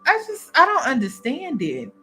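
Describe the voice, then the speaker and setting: A woman's voice: high voice, huge pitch swings, moderate pace, bright, forceful tone, soft background music. A woman hosting a reaction video, talking bluntly and with exasperation, swearing as she comments. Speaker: YouTube reaction host.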